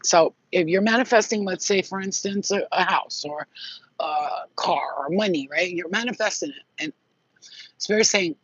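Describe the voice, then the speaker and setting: A woman's voice: lowish voice, normal speed, breathy edge, no echo, dull audio. A woman casually giving a channeled psychic reading to camera, blunt and chatty, swearing freely and speaking straight to her viewers. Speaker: psychic reader.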